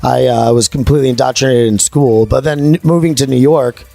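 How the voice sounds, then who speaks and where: A man's voice: medium pitch, a little fast, gravelly, dark tone, no echo. A man hosting a podcast, asking loose, chummy questions in casual chat. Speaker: podcast host.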